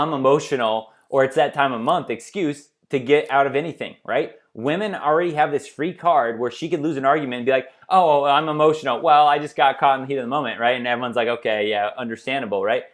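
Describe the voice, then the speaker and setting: A man delivers a rambling, emphatic commentary as a dating coach host. His voice sits at a middle pitch. He often asks "right?" to keep the listener with him. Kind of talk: opinionated commentary monologue.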